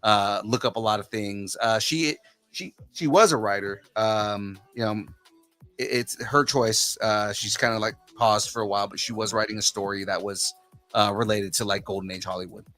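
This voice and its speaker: A man's voice: fairly low pitch, steady tone, moderate pace, sharp tone, faint music behind. A man hosting a podcast interview, talking casually and hesitantly, often restarting his sentences. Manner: hesitant, many fillers and restarts. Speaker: podcast host.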